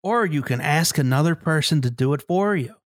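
A man's voice: on the high side, expressive, fairly quick, no echo. A man co-hosting a casual podcast, laid-back, with dry quips. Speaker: podcast co-host.

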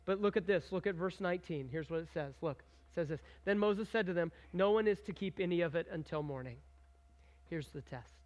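A pastor with a high, darkish-toned voice preaches a little fast. He reads scripture with rising emphasis and talks conversationally with the congregation, asking questions and prompting them to join in.

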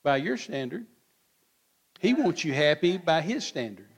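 A man's voice: on the high side, sing-song, unhurried. A man, preaching in church in a blunt, folksy way and acting out both sides of quoted back-and-forth. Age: 60s. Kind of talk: sermon.

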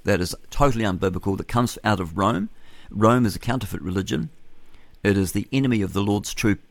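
A radio host with a New Zealand accent runs a breakfast talk show, speaking into a studio microphone in a lowish voice with vocal fry, a little fast. His monologue is rambling and forthright, peppered with chuckles and self-corrections, on a dry recording.

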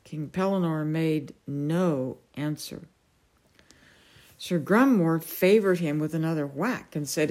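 A woman reading a novel aloud as a storyteller, measured and unhurried. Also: sits low, a little mellow.

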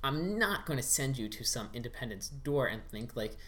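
A man's voice: medium pitch, animated, normal speed, a bit bright. Earnest man explaining things patiently. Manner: earnest, explains step by step with frequent ums. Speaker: podcast guest, former campaign staffer. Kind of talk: casual explanatory chat.

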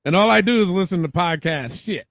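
A man's voice: high voice, animated, brisk, fairly bright tone. A man hosting a podcast in casual chat, blunt and profane, who reads out listener posts. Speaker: podcast host. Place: home garage workspace.

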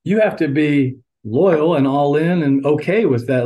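A man's voice: fairly high pitch, normal speed, hardly any pauses, warm tone. A middle-aged man, an assistant basketball coach, talking earnestly and getting fired up in a podcast interview.

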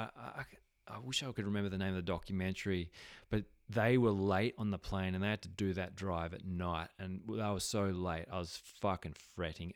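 Young Australian man, casual storyteller, rambling and sweary; clear, lowish voice. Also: no room sound, clean studio sound. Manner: rambling, many fillers, swears freely.

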